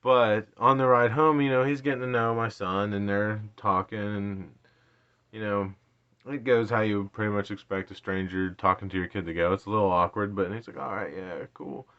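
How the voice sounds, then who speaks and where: A man's voice: lowish voice, fairly even intonation, moderate pace, smooth, highs cut off. A man in his late thirties casually telling an embarrassing story, rambling, self-deprecating and laughing often. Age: 30s. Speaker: vlogger.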